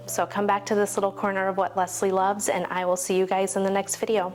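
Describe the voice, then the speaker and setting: A woman's voice: mid-range voice, level tone, a little fast, few pauses, darkish tone. A woman in her forties chatting casually to camera as a vlogger, rambling and heartfelt, laughing often and getting teary. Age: 40s. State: teary, emotional.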